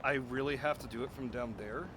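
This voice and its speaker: A man's voice: mid-range voice, fairly even intonation, fairly quick, background noise. A man streaming a video game, chatting casually and joking to himself as he plays. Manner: rambling, jokey, talks to himself while playing. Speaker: gaming streamer. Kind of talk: casual let's-play commentary.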